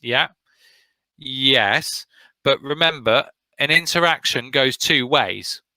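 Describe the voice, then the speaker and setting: British male teacher, slow and encouraging, bright voice, dry sound. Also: mid-range voice, no echo, low-quality recording. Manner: encouraging, praises students by name. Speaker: English teacher. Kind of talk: online vocabulary lesson.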